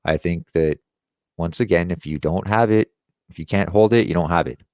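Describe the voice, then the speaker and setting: A man with a very low voice delivers a profane, sarcastic rant as host of his own online show. The sound is close and dry, with no room around him. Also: normal speed, a little mellow, no room sound. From Quebec. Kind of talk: ranting commentary.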